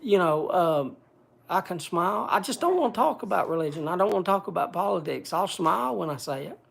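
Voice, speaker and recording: A man speaking bluntly to a group in casual talk, halting often and restarting his sentences. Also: high voice, lively intonation, gravelly. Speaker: speaker addressing a group gathering.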